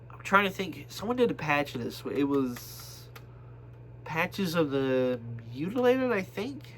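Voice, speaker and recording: A man showing his album collection in a casual, rambling video monologue, full of fillers and bursts of excitement. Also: on the high side, unhurried, slight background noise.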